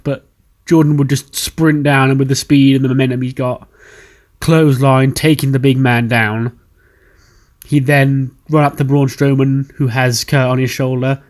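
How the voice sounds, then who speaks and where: A man narrating a game playthrough in a casual, chatty, offhand recap. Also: medium pitch. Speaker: game commentator.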